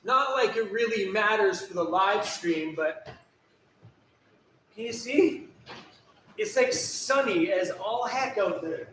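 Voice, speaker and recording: A man's voice: high-pitched, expressive, takes it slowly, long pauses, a bit bright, slight background noise. A man hosting a casual live stream from inside his workshop, chatting and answering viewer comments. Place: indoor workshop.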